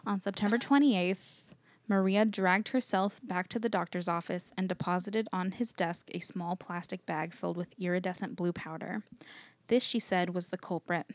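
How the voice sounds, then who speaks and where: A woman's voice: lowish voice, dry recording. A woman podcast co-host reading out her researched notes to her co-hosts in an earnest way, dropping lots of "like" when she talks off the page. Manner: earnest, uses "like" when chatting.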